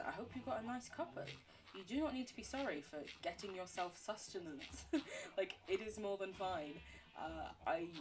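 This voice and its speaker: A woman with a low voice chats casually to her viewers while she plays, rambling from topic to topic and poking fun at herself. Her pitch swings widely, and laughter runs through her talk. She sounds like she is at a home streaming setup on a desk mic. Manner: rambling, chatty, laughs often, self-deprecating; responds to chat between game talk. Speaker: livestreamer. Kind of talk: casual gameplay chat with viewers.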